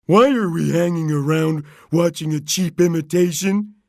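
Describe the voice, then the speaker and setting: A man voicing a dim, lazy male starfish who talks loud and blunt. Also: on the high side, takes it slowly, gravelly, dry recording, clean studio sound, voice pushed up, full character voice.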